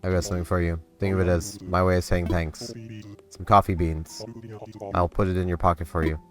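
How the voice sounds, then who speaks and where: A man's voice: deep voice, flat delivery, a little fast, music in the background, voice pushed down, close to an everyday voice. Man voicing a friendly animal villager.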